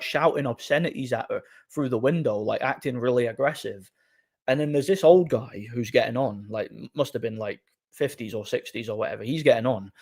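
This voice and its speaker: A man's voice: medium pitch, breathy edge. Man telling a rambling story live. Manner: animated, rambling anecdote with quoted dialogue. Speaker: livestream host. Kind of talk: casual storytelling to a live audience.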